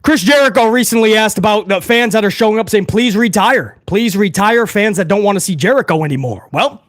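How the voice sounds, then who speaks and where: A man hosting a wrestling news talk show, animated and profane, rambling through his points. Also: high-pitched, fast, dry recording, studio quality. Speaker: host.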